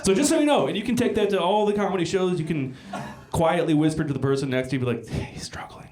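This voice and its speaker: A middle-aged man doing a live stand-up set in a small comedy club, talking with bursts of loud emphasis. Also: high voice, quick pace. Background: audience laughter.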